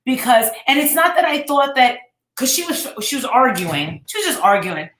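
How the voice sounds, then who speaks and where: Casting: woman host, slightly high voice, rambling gossip chat with swearing, echoey room. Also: expressive, normal speed, fairly bright tone, slight background noise. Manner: rambling, swears freely, retells quotes.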